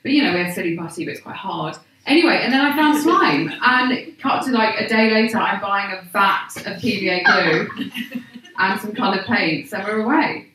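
A woman's voice: mid-range voice, animated, normal speed, fairly bright tone. A woman comedian chatting as a guest, rambling and giggly, poking fun at herself. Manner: giggly, rambling, self-deprecating. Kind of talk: casual chat. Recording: echoey live room from far off.

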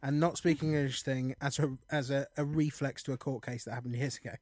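A man appearing as a guest on a comedy podcast, playing a cagey, deadpan flatmate in an improvised scene. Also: mid-range voice, fast talker, dry recording, studio quality.

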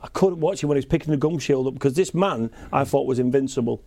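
Mellow-voiced chatty man. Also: medium pitch, fast, vocal fry, no echo. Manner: animated, rambling, chatty. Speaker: team captain on a sports quiz podcast. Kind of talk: casual banter and storytelling.

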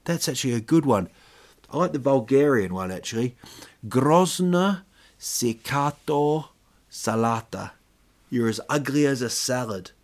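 A man's voice: mid-range voice, expressive, brisk, a little mellow. A man hosting a podcast in a casual, jokey, rambling monologue full of fillers. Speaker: podcast host.

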